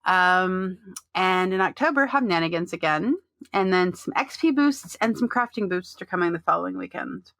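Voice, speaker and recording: A woman's voice: fairly low pitch, lively intonation, moderate pace, creaky, fairly bright tone, no echo. A woman co-hosting a casual gaming podcast, rambling with lots of fillers and restarts and reading out listener messages. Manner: reads out listener chat messages. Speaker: podcast co-host. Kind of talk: casual chat about an online game.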